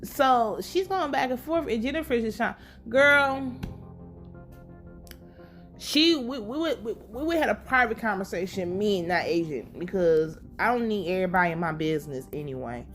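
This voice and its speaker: A woman's voice: mid-range voice, moderate pace, soft background music. A young woman giving a casual, profane, laughing recap of a TV episode. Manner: animated, profane, laughing running commentary. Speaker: TV recap host.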